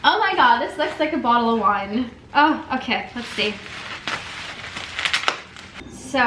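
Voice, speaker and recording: A woman's voice: on the high side, lively intonation, measured pace, long pauses, background noise. A young woman vlogger chatting casually while unboxing gifts, gushing and emotional, with lots of fillers and a tearful edge. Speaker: lifestyle vlogger. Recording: echoey room with faint ambience.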